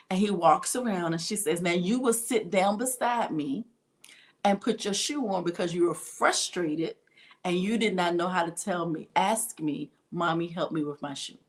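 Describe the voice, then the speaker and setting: A middle-aged woman teacher hosting a casual daily vlog, talking in an animated way, laughing often and acting out the voices she quotes. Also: mid-range voice, moderate pace. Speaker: education vlogger and teacher.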